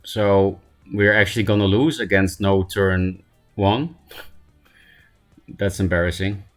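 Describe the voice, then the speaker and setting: A man with a very low voice talks through a card game on stream, self-deprecating and wandering in thought. His voice is hoarse from laughing, and he keeps clearing his throat. Quiet music plays faintly behind him. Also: little pitch movement, slow pace. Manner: self-mocking, thinking aloud, frequent throat clearing. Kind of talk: casual gameplay commentary.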